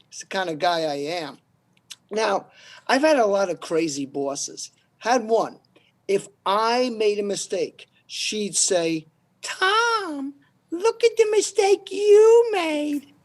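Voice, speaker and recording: Slow, deadpan New comic. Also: male voice, high voice. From New York. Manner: deadpan joke delivery with punchline pauses. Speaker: stand-up comic at an open mic. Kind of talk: stand-up one-liners.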